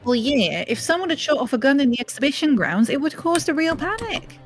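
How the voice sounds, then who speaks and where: A woman voicing a brash young street girl in a shaky attempted Cockney accent, reading game lines casually with friends. Her accent wobbles as she goes, her pitch swings up and down with plenty of life, and faint music plays behind her. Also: very animated, fast. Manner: wobbly put-on accent, swearing slips.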